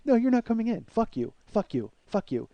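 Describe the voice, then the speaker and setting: A man voicing a spiteful woman who curses and mocks in a shrill, jeering tone while telling a comedy story. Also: very animated, a little fast, warm tone, dry recording, highs cut off. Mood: taunting. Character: furious, cursing woman, spiteful and mocking.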